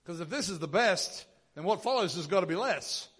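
Guy preaching, kinda high voice, tells the bible story like he's acting out the parts. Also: lively intonation, brisk, fairly bright tone, husky. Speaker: pastor. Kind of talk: sermon.

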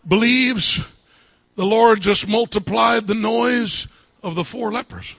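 A male pastor preaching a sermon, repeating his phrases and building up to fervent shouting. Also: sits high, takes it slowly, slightly rough, no echo.

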